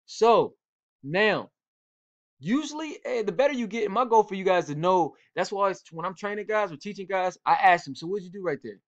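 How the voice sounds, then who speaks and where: Male football coach, slightly high voice, casual and direct, repeats key points, muffled lo-fi audio. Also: expressive, normal speed. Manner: direct, repetitive, coach-like urging. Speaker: football coach and cornerback trainer. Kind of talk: casual instructional talk to young players.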